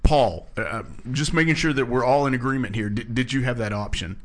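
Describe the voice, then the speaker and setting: A man with a mid-range voice and brisk delivery leads a casual Bible study discussion. He reads verses aloud and explains them earnestly and emphatically.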